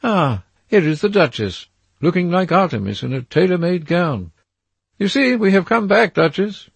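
A man voicing an anxious, brooding young gentleman who speaks in a raised, pleading way. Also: high voice, expressive, normal speed, vocal fry, breathy edge, no echo, pitched above the performer's own voice, exaggerated voice.

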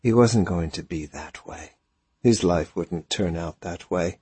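A man reading a story aloud as narrator, measured and even. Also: deep voice, husky, no echo. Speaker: audiobook narrator. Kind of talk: scripted narration.

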